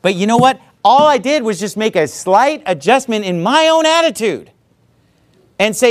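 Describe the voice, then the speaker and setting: Animated man preaching a sermon. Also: sits high, moderate pace. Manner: conversational, animated storytelling with frequent asides. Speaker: pastor.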